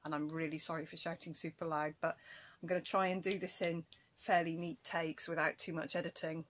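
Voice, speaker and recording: A woman's voice: deep voice, level tone, brisk, a little hiss or hum. A woman chatting casually to camera in a cross-stitch vlog, rambling and breaking off to scold her cat.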